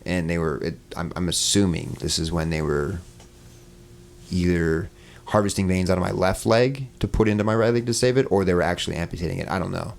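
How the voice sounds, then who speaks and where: A man with a very deep voice tells a story as a podcast guest. He talks casually and loosely, with plenty of fillers, and slips into the voices he quotes. His tone has a gravelly edge. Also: a little fast. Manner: relaxed, many fillers, acts out quoted voices.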